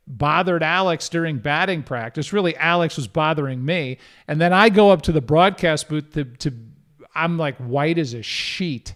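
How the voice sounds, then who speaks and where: A middle-aged man tells a story in relaxed chat, self-deprecating and lively. His voice sits a little high. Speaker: guest broadcaster. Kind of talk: casual storytelling.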